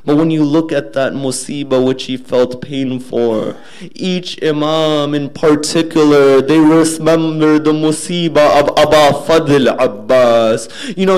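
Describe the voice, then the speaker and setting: Earnest man telling a sermon story. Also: rough recording. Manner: earnest, drops low and soft at solemn points. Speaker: speaker at a religious gathering.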